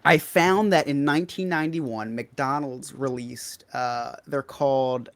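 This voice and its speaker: A man's voice: medium pitch, unhurried, fairly bright tone, no echo. A man on a podcast, talking hesitantly with many restarts and fillers. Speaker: podcast co-host. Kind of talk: casual chat.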